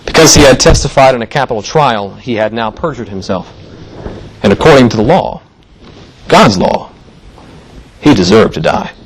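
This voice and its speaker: A man's voice: mid-range voice, lively intonation, normal speed, pauses often, slight background noise, low-quality recording. A man preaching a sermon in a church, telling the story in a casual, conversational way and briefly acting out the voices of the people in it. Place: church sanctuary.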